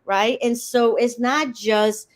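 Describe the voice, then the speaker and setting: Brief: Dominican-accented woman guest, Spanish native, passionate storyteller, pitched fairly high. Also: fairly even intonation, slow. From Dominican Republic. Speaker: guest author. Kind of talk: casual interview.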